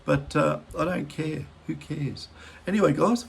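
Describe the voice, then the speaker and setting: A man's voice: on the high side, unhurried, gravelly, a little hiss or hum. An Australian man hosting a detecting channel, giving rambling, blunt, self-deprecating opinions in a casual vlog.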